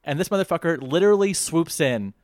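A man's voice: a little high, expressive, a little fast, darkish tone, dry recording, clean studio sound. A man co-hosting a casual chat, recounting scenes and acting out the characters' voices. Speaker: podcast co-host.

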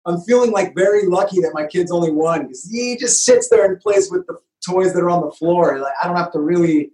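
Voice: medium pitch, lively intonation, brisk, warm tone. A parent talks casually in a mid-range voice, using many filler words and laughing along with the others. The recording picks up a roomy echo. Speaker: podcast co-host. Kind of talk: casual chat.

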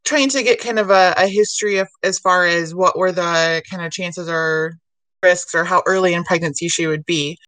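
A woman who works as an emergency physician assistant, telling stories in a casual podcast chat, animated and laughing often. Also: lowish voice, normal speed, no room sound.

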